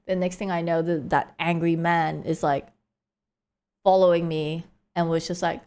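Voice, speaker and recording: A woman's voice: on the low side, normal speed, darkish tone. Woman streamer telling a story. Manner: rambling, heavy use of "like" and "right?". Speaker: live streamer. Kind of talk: casual storytelling to chat.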